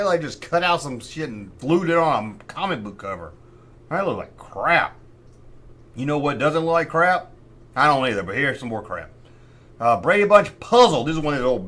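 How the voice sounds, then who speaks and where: A middle-aged man rambles through a collection with sarcastic, mock-outraged jabs. His voice is bright and sits a touch high, and it swings widely in pitch as he talks. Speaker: host. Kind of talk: casual collector's show-and-tell.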